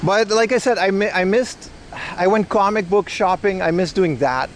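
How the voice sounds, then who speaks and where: A man's voice: high-pitched, normal speed, a little hiss or hum. A Dutch man hosting a casual livestream while walking outside, rambling loosely, laughing often and talking to his chat. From Netherlands. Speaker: livestream host.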